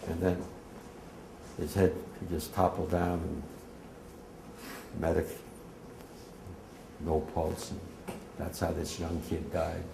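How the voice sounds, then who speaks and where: Man, 80s, from New Jersey; low-voiced, emotional eyewitness testimony, halting and swelling to near shouts; reverberant room. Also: creaky, background noise. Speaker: war veteran speaker.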